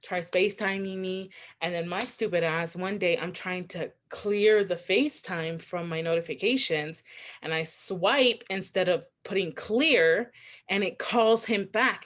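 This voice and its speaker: A woman's voice: fairly low pitch, measured pace, fairly bright tone. A woman co-hosting a podcast, telling a story in a chatty, candid way, full of "like" fillers and self-mocking asides. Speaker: podcast co-host. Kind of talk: casual storytelling chat.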